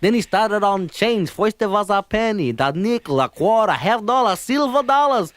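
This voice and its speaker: A fretful immigrant father with a thick Yiddish-inflected accent, pleading and exasperated in a high, swooping voice. He rambles on in a comedy album sketch. The sound is close and dry. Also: expressive, moderate pace, a bit bright, no room sound. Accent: Yiddish-inflected English.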